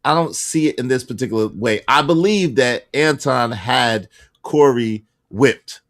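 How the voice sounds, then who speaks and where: A man's voice: mid-range voice, measured pace. A man hosting a casual livestream panel, arguing his points insistently and repeating them for emphasis. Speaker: livestream host.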